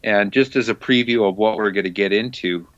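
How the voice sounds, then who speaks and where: A man's voice: on the low side, a little fast, dry recording, dull audio. A man co-hosting a music podcast in casual, enthusiastic, teasing chat. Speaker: podcast co-host.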